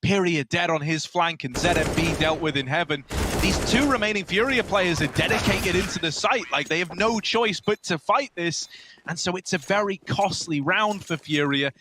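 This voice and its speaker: A man commentating a live esports match, quick and analytical, with bantering asides. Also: high voice, noisy background.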